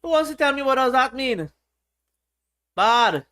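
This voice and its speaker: A man's voice: extremely high pitch, animated, measured pace, bright, forceful tone. A man hosting a casual livestream, reading viewers' chat aloud in a playful, teasing way. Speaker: livestream host.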